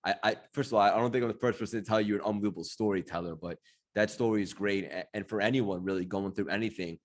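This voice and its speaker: A man's voice: on the low side, quick pace. A man hosting a podcast interview, talking in an effusive, admiring way. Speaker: podcast host.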